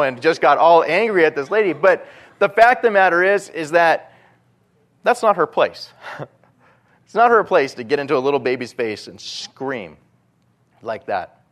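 A man preaching a sermon, animated, moving between loud emphatic lines and quiet asides. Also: a little high, moderate pace, long pauses.

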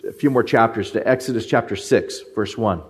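A man's voice: fairly low pitch, brisk. A man preaching a sermon, reading scripture aloud and stressing points by repeating phrases.

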